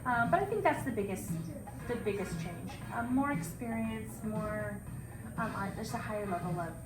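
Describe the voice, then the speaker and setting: A woman's voice: mid-range voice, animated, moderate pace. A woman who co-founded a salon, chatting casually in an interview, laughing easily and restarting her phrases. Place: echoey salon room. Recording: echoey room with loud background music.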